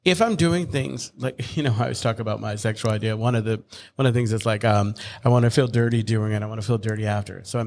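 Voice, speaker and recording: A man's voice: mid-range voice, darkish tone, slight background noise. A man co-hosting a podcast in casual chat, rambling through his point with restarts and teasing his co-host. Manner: joking, rambling, restarts mid-thought.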